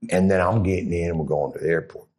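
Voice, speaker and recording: Middle-aged ex-Marine guest, very low voice, rambling crude storyteller. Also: male voice, fast, a little mellow. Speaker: interview guest, former Marine. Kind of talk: casual storytelling.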